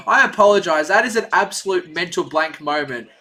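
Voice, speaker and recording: A young man from Australia, hosting a casual live play-by-play stream and talking in a chatty, rambling, excitable way. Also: high-pitched, normal speed. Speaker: livestream play-by-play host.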